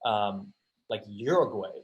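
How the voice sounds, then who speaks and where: A young man, a guest actor, chatting casually on a podcast, telling animated stories, swearing freely and laughing often. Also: lowish voice, takes it slowly, dull audio.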